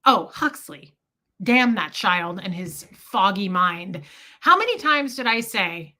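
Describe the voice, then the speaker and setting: A woman hosting a casual livestream. She tells a story in an animated, sarcastic way, swearing freely and thanking viewers for super chats. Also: medium pitch, takes it slowly. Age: adult, mother of a school-age son.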